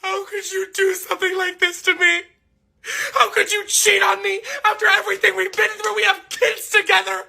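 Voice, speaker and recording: A woman's voice: very high-pitched, little pitch movement, moderate pace, creaky, sharp tone, exaggerated voice. A woman acting in a comedy sketch as a wife furiously confronting her cheating partner.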